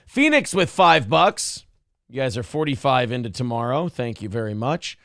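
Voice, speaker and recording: A man hosting a casual livestream, reading super chats in a profane, rowdy way with sudden loud outbursts, a little drunk. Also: medium pitch, very animated, moderate pace, no room sound, clean studio sound. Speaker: livestream host.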